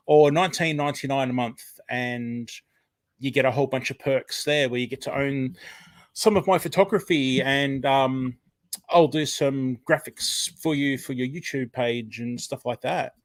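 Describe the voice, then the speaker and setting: A man's voice: mid-range voice, no echo. Chatty Australian man with a dry sound. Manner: chatty, rambling, full of fillers, greeting viewers by name. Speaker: livestream host. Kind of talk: casual live chat. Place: home room at a computer. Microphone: desk microphone.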